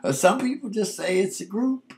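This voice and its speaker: Telling a casual story about his younger days, this man in his sixties keeps things laid-back and drops "man" often. He has a high-pitched, gravelly voice.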